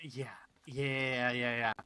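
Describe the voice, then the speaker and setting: Bright-voiced laid-back man on a podcast. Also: medium pitch, little pitch movement, slow pace, smooth, poor audio. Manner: laid-back, agreeable, swearing in passing. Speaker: podcast co-host. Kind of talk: casual chat recapping a TV episode.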